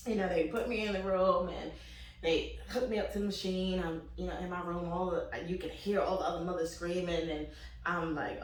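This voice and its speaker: A woman's voice: on the low side, unhurried. A young woman telling a comic story with laughs and acted-out voices, casually. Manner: animated, laughing, acts out quoted voices. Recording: echoey room, mic at a distance.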